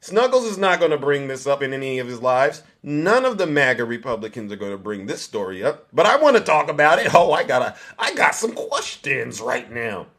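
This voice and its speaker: A man's voice: medium pitch, sing-song, fairly quick, few pauses, fairly bright tone. Combative man ranting about politics. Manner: combative, repetitive, direct rants. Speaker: political commentator host. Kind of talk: casual political talk stream. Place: California, Bay Area.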